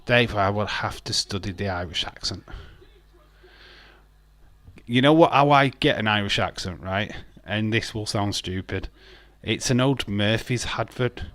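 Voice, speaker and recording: A man's voice: lowish voice, a little slow, fairly bright tone, no echo. A man chatting casually on a wrestling watch-along stream, rambling and blunt, with frequent laughs. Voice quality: rambling, blunt, repeats words, laughs often. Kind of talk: casual live-stream chat.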